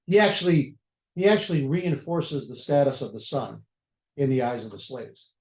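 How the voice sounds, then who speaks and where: A man teaching a Bible study in a casual, exploratory way, often circling back and restarting his sentences. His voice sits at a middle pitch. The recording carries a noticeable room echo. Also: lively intonation, moderate pace, darkish tone. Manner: conversational, thinking aloud with restarts. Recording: echoey room.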